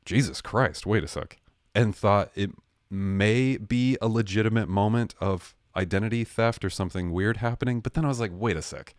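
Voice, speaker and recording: Man, deep voice, livestream host, casual rant, sarcastic jokes, dry close sound. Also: normal speed, no echo. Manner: jokey, sarcastic, self-correcting.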